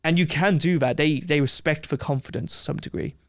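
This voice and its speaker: A man's voice: on the high side, fairly quick, no echo, studio quality. Brash man telling stories. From England. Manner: brash, animated anecdote-telling. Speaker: podcast guest. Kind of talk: casual storytelling.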